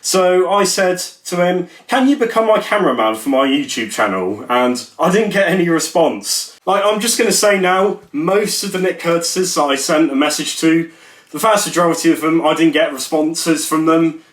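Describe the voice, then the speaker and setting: A man's voice: a little high, animated, normal speed. A young man, rambling and joking at his own expense in a casual vlog. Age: young adult. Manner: jokey, rambling, self-mocking. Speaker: YouTuber. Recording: echoey room.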